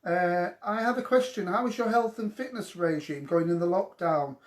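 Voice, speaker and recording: A man's voice: high-pitched, normal speed. A man hosting a casual live question-and-answer show from home, with cheeky, gossipy banter aimed at his viewers. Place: at home during lockdown. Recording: echoey room.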